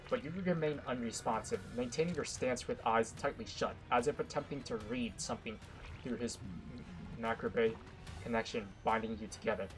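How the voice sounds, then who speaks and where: A man reading a visual novel aloud with dramatic narration, broken by excitable, joking asides. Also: medium pitch, low-quality recording. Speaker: gaming content creator.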